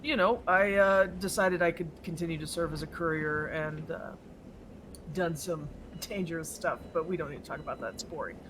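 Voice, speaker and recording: A man's voice: a little high, normal speed, noisy background, lightly acted. A man voicing a jovial older male courier who is tired of politics and talks readily.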